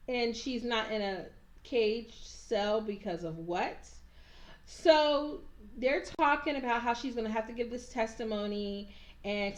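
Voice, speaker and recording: A woman recapping a TV episode in casual chat, animated and sassy, acting out the characters as she goes. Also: a little high. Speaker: TV recap reviewer. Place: at home, handheld camera.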